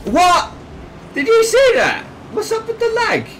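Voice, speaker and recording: A man commentating his own gameplay excitedly, yelping, swearing and shouting at each play. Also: very high-pitched, measured pace, slight background noise, low-quality recording. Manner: excitable, yelps and shouts at plays, swears, laughs often.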